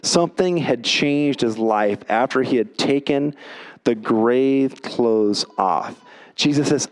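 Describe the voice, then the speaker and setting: A man preaching a sermon, telling a personal story with animated energy, then reading scripture slowly and quietly for emphasis. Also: mid-range voice. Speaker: pastor.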